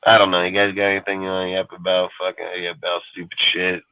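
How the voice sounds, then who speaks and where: A man's voice: low-pitched, monotone, fast, clear, resonant tone, no room sound, phone-quality sound. A man co-hosting a casual talk show, rambling and cursing freely as he tells stories. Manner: rambling, cursing, storytelling with acted quotes. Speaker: podcast co-host. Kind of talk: profane casual chat.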